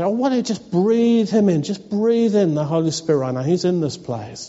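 Pleading preacher in an echoing hall. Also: male voice, high voice, moderate pace. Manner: earnest, pleading questions with soft laughs. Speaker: pastor. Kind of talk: sermon. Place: church hall. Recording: dull lo-fi church recording with long reverb.

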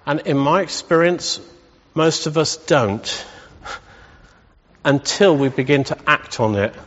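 Emphatic preacher in a reverberant hall. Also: male voice, on the high side, animated, takes it slowly, a bit bright. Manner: emphatic, building to rousing repetition. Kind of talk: sermon. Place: church hall. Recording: dull reverberant church hall.

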